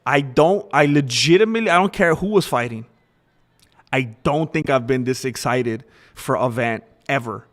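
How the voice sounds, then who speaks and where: A man's voice: medium pitch, moderate pace, a bit bright. A young man hosting a livestream, talking candidly and rambling in casual chat with viewers. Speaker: livestream host.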